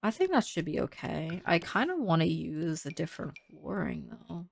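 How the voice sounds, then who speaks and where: Low gravelly young woman chatting. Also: big pitch swings, moderate pace, slight background noise. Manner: chatty, thinks aloud with many "like"s. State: sleepy, yawning. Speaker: gaming creator building in a life sim. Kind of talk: casual build commentary.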